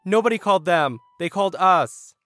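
A man putting on a furious male shop owner barking down a phone line. He is curt and indignant, his voice pushing higher and louder as the quarrel heats up. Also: lively intonation, moderate pace, soft background music. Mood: angry.

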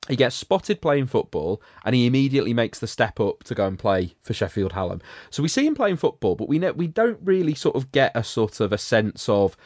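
A man's voice: medium pitch, big pitch swings, a little fast, few pauses, darkish tone, no echo, clean studio sound. A man hosting a podcast, giving a sardonic, rambling recap of a film in casual chat. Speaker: podcast host reviewing a film.

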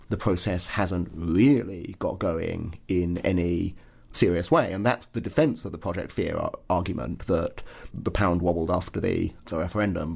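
A man giving measured, speculative political analysis as a podcast panelist. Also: low-pitched, gravelly, darkish tone, breathy edge. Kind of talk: analytical discussion.

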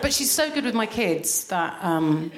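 A woman's voice: mid-range voice, measured pace. A woman in her forties doing stand-up comedy on a live stage, acting out quotes and laughing often. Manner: animated, acts out mock quotes, laughs often. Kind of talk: stand-up comedy and casual chat. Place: live stage before an audience. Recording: echoey live venue with loud noise.

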